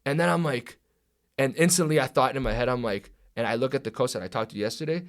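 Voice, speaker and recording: A young man talks quickly on a podcast, swearing freely as he tells a story. He slips into the voices of the people in it and acts out what they said. His pitch sits in an ordinary middle range. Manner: profane, animated, acts out quoted dialogue. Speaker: podcast guest, pro wrestler. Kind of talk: casual storytelling chat.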